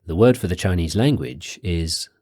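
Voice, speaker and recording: Deep-voiced man guiding a language lesson. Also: lively intonation, a little mellow, no room sound, studio quality. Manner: clear, measured prompts, slows for key phrases. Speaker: language course teacher. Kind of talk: guided audio lesson narration.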